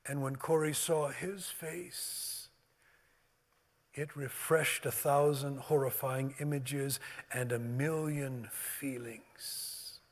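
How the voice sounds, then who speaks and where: A man preaching and leading communion, swinging from loud emphasis to hushed, near-whispered words. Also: medium pitch, steady tone, takes it slowly. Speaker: pastor. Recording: long hall reverb.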